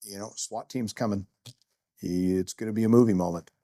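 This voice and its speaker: A man's voice: fairly low pitch, steady tone, normal speed, mellow, dry recording, studio quality. A middle-aged man, a security guard, telling a first-person story in a candid, self-deprecating way, rambling with fillers.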